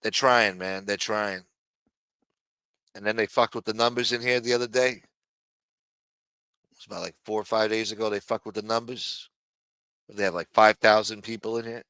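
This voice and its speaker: A man's voice: on the low side, steady tone, normal speed, pauses often, pushed and bright, smooth, no echo. A man with a New Jersey accent hosting a casual livestream, reading the chat aloud in rambling, profane street talk. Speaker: livestream host.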